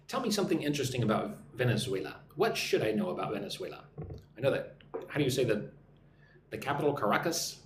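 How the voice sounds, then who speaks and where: A man's voice: medium pitch, big pitch swings, quick pace. An American man teaching English on a live stream, chatting and reading viewer comments aloud. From United States. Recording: echoey room with faint background noise.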